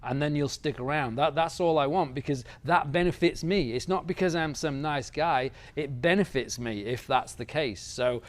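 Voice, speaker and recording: Hesitant, slightly high-voiced male host. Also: normal speed, few pauses. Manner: friendly, hesitant, many fillers. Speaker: exchange founder and host. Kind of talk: livestream interview chat.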